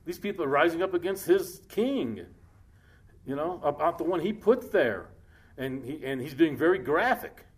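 A man's voice: fairly high pitch, lively intonation. Chatty, joking man preaching a sermon. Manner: conversational, joking, reads scripture aloud slowly. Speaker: pastor. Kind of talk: sermon, Bible study.

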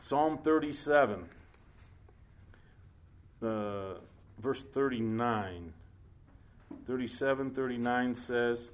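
A man preaching a sermon in a conversational, joking way, breaking off to read scripture aloud slowly. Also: mid-range voice. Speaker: pastor. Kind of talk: sermon, Bible study.

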